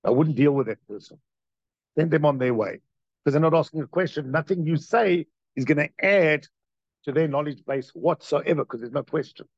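A man giving a Torah class as its teacher, in an animated, questioning way full of rhetorical questions. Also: a little high, moderate pace, dry recording, lo-fi sound.

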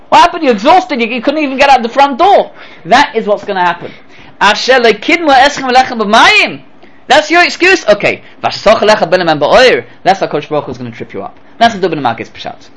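A man giving a Torah lecture as a rabbi, animated, asking rhetorical questions and acting out little dialogues. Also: a little high, poor audio.

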